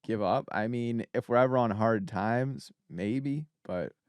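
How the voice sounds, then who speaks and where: A man playing in a tabletop game, relaxed and quick to laugh. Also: mid-range voice, clear, resonant tone, dry recording. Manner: laughing, unhurried. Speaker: player. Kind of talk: casual tabletop play.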